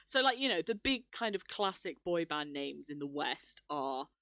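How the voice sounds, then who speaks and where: A woman's voice: deep voice, big pitch swings, normal speed, fairly bright tone, no room sound, clean studio sound. Chatty enthusiastic woman. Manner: enthusiastic, chatty, laughs often. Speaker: podcast co-host. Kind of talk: casual chat.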